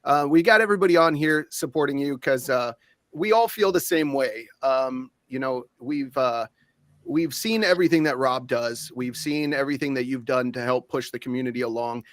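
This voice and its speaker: A man co-hosting a livestream over a video call, talking in a relaxed, supportive way with many fillers. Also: mid-range voice, moderate pace, dry recording. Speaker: co-host.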